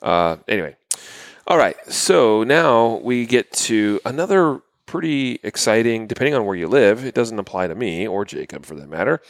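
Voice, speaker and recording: A man's voice: on the low side, normal speed, gravelly, no room sound, studio quality. A man co-hosting a podcast, chatting casually through the news with plenty of fillers. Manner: relaxed, many fillers. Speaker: podcast co-host.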